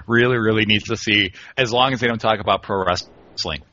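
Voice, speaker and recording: A man's voice: on the low side, fairly quick, bright, forceful tone, dry recording, lo-fi sound. A man co-hosting a radio talk show in casual banter, rambling and breaking into mock lectures.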